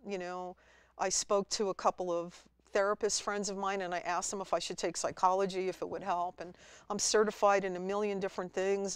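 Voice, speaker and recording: A woman guest at a college TV studio, telling her story in a lively way and acting out her own past words. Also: mid-range voice, smooth, no echo. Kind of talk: storytelling interview.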